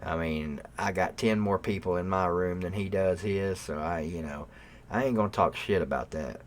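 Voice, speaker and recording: A man hosting a livestream, rambling and cursing with bursts of loud mock outrage at his live chat. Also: low voice, normal speed, slight background noise. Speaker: livestream host. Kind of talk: casual profane rant to live chat. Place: room at home.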